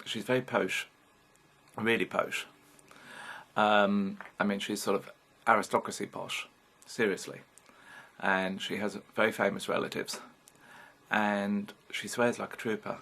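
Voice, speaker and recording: A British man in his fifties with a gravelly, bright edge to his voice. He talks frankly and rambles on, speaking straight to the camera in a personal vlog, and swears casually as he goes. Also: fairly low pitch, flat delivery, measured pace. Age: 50s. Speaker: vlogger. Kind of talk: candid personal vlog monologue.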